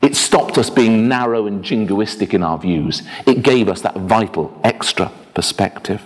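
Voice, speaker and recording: A man preaching a sermon as a minister, telling anecdotes in a lively, self-deprecating way. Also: lowish voice, normal speed. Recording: long reverb of a church hall.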